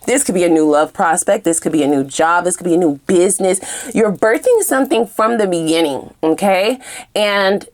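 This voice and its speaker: A woman's voice: animated, normal speed. Fiery, profane woman tarot reader. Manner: fiery and profane, swinging from low mutters to high shouts. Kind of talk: animated tarot reading.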